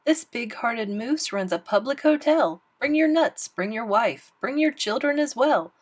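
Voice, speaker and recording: Brief: pushy loud woodpecker, voiced by a woman, high and brash. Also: lively intonation, a little slow.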